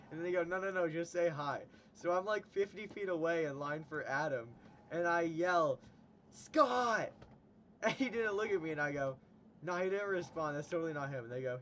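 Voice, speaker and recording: A young man talks casually on a livestream, his voice sitting slightly high. He laughs often and retells stories in a loose, chatty way. Faint background noise hums under the recording. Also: fairly bright tone. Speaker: stream host.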